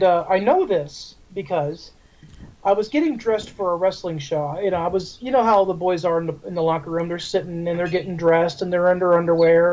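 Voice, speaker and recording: A man's voice: sits high, darkish tone. Male radio host, crude, rambling storyteller, dull lo-fi audio. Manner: crude, rambling and swears freely. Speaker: radio show host and wrestler. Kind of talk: casual talk-radio storytelling.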